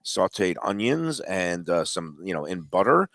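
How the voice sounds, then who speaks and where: A hoarse man with a gravelly, creaky voice hosts a casual talk show live from a brewery. He rambles and restarts with plenty of fillers. The sound is dry and close. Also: deep voice, very animated, measured pace, fairly bright tone, no echo. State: hoarse from a chest cold. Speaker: radio show host. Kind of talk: casual on-air chat. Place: live remote broadcast at a brewery.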